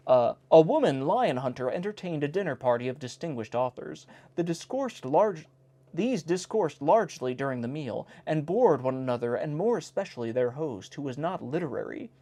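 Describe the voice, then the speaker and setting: Man, fairly high voice with a bouncy, lively delivery. He reads aloud casually and drops wry asides between jokes. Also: normal speed. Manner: wry, breaks off to comment on each joke. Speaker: host reading an old joke book. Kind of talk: casual reading aloud with commentary. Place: indoor home recording in South Carolina.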